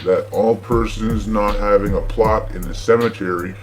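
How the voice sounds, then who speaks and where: A man's voice: fairly low pitch, fairly even intonation, normal speed, over music. A man hosting a show, ranting sarcastically about the news in a profane, mocking way. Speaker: podcast host. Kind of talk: comedic news rant.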